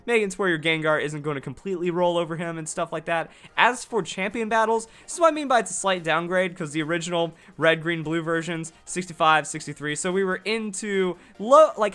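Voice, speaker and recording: A man giving excited, fast commentary on a game, restarting his sentences often. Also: a little high. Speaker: gaming youtuber.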